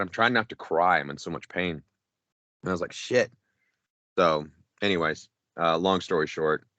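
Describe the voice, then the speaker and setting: A middle-aged man with a very deep voice tells a rambling, profane story on a casual podcast. He acts out what everyone said along the way. The close mic sounds dry, with no room around it. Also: fairly bright tone, no echo, highs cut off. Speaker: podcast co-host.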